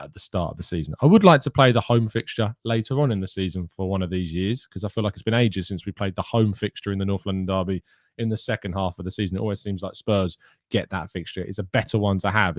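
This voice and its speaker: On a live show, the male host keeps things casual, reading and answering questions from viewers. He speaks quickly in a low register, and the recording is dry and studio quality.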